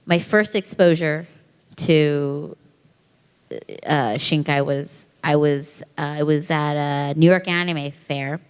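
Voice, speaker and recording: A woman on a convention panel, telling a story with animated energy and a slightly lower voice. The sound carries a long reverb from a big hall. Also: slow pace, clean tone. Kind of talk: casual panel Q&A.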